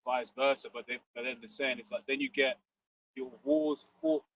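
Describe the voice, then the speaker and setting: A man's voice: mid-range voice, fairly even intonation, moderate pace, a bit bright, slight background noise. A man in casual chat, hesitant and searching for his words. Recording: distant mic.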